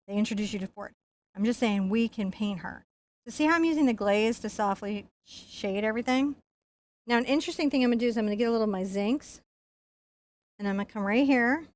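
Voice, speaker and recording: A woman giving a painting lesson, chatting playfully and joking as she works. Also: medium pitch. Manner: chatty, playful, jokes and laughs while painting. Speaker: painting instructor.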